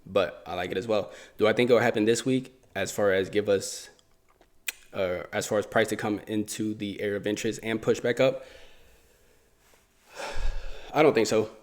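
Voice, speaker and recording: A man with a fairly low voice talks through trading charts in a relaxed, conversational way. He thinks aloud, circles back and repeats phrases as he points things out. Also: normal speed, pauses often. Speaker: forex trading YouTuber. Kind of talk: casual chart walkthrough.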